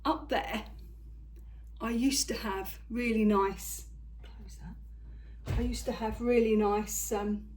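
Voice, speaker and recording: An older woman with a husky voice, chatting casually to camera about her crafts as she walks around her kitchen holding the phone. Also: on the high side, steady tone, takes it slowly, long pauses, darkish tone, a little hiss or hum. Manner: chatty, rambling, talks to her cat and viewers. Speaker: craft vlogger. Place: home kitchen, indoors.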